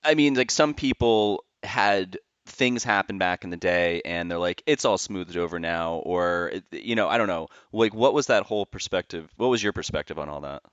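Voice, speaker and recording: A man's voice: low voice, normal speed, hardly any pauses, a bit bright, clean tone, no echo, dull audio. A man hosting a podcast, asking loose rambling questions and laughing along with his guest. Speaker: podcast host. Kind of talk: casual interview over a call.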